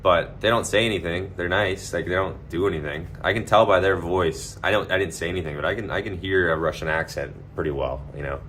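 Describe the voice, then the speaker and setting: A man with a very low voice rambles through a casual livestream chat, loose and profane, full of likes and you knows. A faint hum of noise sits under his voice. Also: brisk, few pauses, a bit bright.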